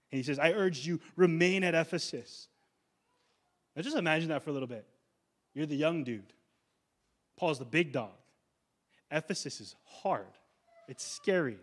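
A man's voice: on the high side, fairly quick. A young man preaching a sermon as pastor, in a casual slangy way that builds to emphatic declarations.

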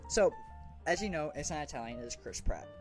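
A man's voice: a little high, sing-song, a little fast, faint music behind. A young man co-hosting a casual podcast, talking with lots of ums and restarts and casual swearing. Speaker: podcast co-host. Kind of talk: casual chat.

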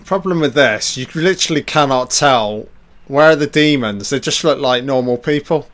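A man's voice: mid-range voice, moderate pace, fairly bright tone. A man giving a casual, sarcastic and profane commentary over a film, tossing off laid-back asides.

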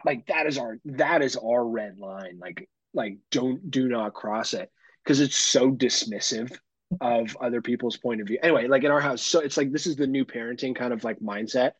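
A man's voice: medium pitch, a bit bright, slightly rough, dry recording, muffled recording. A man hosting a podcast, chatting casually and animatedly, swearing freely and laughing often. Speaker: podcast host. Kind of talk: casual chat.

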